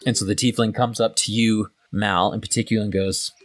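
A man's voice: lowish voice, flat delivery, brisk, few pauses, dry recording. A man narrating as game master in a tabletop game, loose and casual with many fillers.

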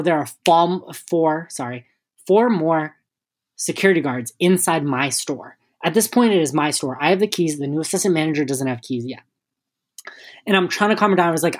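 A young male podcast co-host with a slightly high voice tells a story in a loose, lively way, swearing freely and impersonating the people involved.

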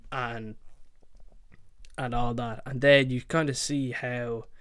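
A man's voice: medium pitch, fairly even intonation, slow, smooth, dry recording, studio quality. A man hosting his own podcast, rambling casually with lots of fillers and swearing. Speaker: podcast host. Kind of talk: casual solo podcast chat.

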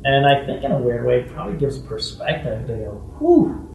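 A man guesting on an interview, telling stories casually and acting out other people's voices with big jumps in pitch. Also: quick pace, creaky, far from the mic, slight background noise. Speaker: guest actor. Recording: echoey room, off-mic with faint ambience.

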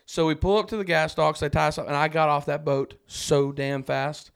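A man's voice: a little high, moderate pace, creaky, clean tone. A man from Arkansas, a podcast guest, telling a story in casual chat and acting out his own panic.

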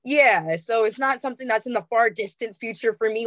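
A woman's voice: fairly high pitch, moderate pace, no room sound. Candid, emotional young woman musician. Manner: candid, emotional, swears freely. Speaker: musician guest. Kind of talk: casual interview.

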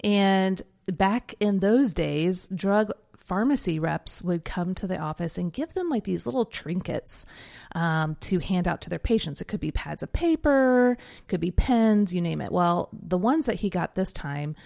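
A woman's voice: on the low side, expressive, a little slow, gravelly, a little mellow. A woman in her forties, co-hosting a podcast, telling stories in a reflective, chatty way with many fillers. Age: 40s. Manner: reflective storytelling with frequent fillers and laughs. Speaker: podcast co-host and Enneagram coach. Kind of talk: casual podcast conversation.

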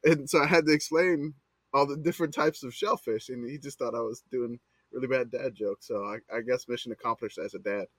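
A man's voice: mid-range voice, fairly even intonation, a little fast, fairly bright tone, no room sound. A man co-hosting a casual podcast, playful and telling stories about being a dad. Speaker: podcast co-host.

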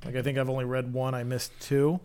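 A man's voice: mid-range voice, level tone, fast talker, mellow, smooth. A man co-hosting a podcast in casual chat, talking in an enthusiastic, rambling way with many fillers. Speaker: podcast co-host.

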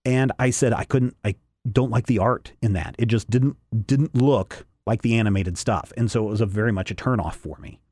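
A man's voice: fairly low pitch, moderate pace, darkish tone, no echo. A man co-hosting a casual comic review chat, rambling with frequent restarts and self-corrections. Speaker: podcast co-host reviewing comics.

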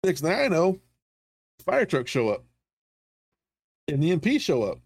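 A man's voice: fairly high pitch, wildly swooping pitch, unhurried, vocal fry, a little mellow, dry recording, clean studio sound. A middle-aged military veteran co-hosting a podcast, telling stories in casual, profane chat and often laughing at his own punchlines.

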